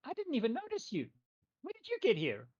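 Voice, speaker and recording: A man voicing a small, clingy, childlike male tree spirit who talks sweetly, needily and haltingly. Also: very high-pitched, huge pitch swings, darkish tone, breathy edge, no echo, voice pushed up, exaggerated voice. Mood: surprised. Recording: dull lo-fi recording.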